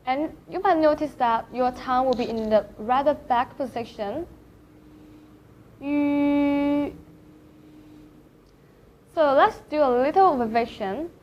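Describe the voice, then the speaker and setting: A woman with a Thai accent teaching Chinese pronunciation, carefully demonstrating vowel sounds one by one. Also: sits high. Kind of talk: pronunciation lesson. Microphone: camera facing the speaker. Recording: slightly dull lo-fi sound.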